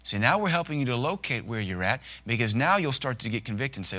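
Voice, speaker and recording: A male pastor preaching a sermon in a folksy, humorous way, slipping into quick acted asides. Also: medium pitch, very animated, sharp tone.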